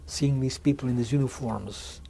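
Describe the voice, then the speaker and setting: A man in his sixties giving a measured oral history testimony in an interview, often restarting and repeating words as he speaks. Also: mid-range voice, creaky, warm tone. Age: 60s. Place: museum interview room.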